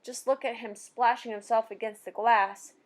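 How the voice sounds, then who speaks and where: Woman voicing a big gentle male giant, excitable, jumbled grammar, invented words, storybook reading. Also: on the high side, moderate pace, natural voice. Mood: explaining. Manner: mangled grammar and made-up words, cries out.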